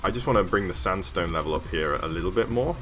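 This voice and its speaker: A Yorkshire man rambles casually while painting a landscape on a live stream, full of fillers and small self-amused laughs. His deep, expressive voice is a bit bright, and he talks fast. Soft music plays in the background.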